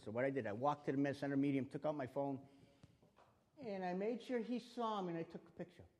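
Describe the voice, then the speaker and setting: A man giving a spoken lesson on staying safe, animated and acting out the exchanges he describes. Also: on the high side, fairly quick. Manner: animated, acts out quoted exchanges. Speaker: self-defense instructor. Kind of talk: spoken teaching talk. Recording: long reverb of a hall.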